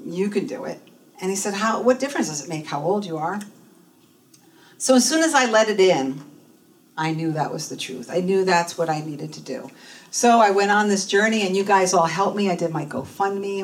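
A woman in her fifties giving a personal testimony at church, telling her story and acting out the voices of people she quotes. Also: medium pitch. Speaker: church speaker and minister in training. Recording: voice from a distance in a room, faint noise.

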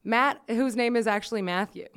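A woman's voice: fairly high pitch, moderate pace, fairly bright tone, smooth. A young woman hosting a podcast, chatting casually, giggly and rambling. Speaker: podcast host. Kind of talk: casual chat.

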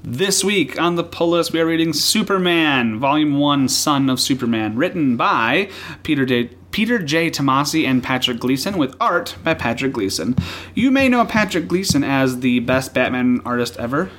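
A man co-hosting a casual podcast about comics, talking in an excited, rambling way with frequent laughs and restarts. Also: medium pitch, moderate pace. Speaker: podcast co-host.

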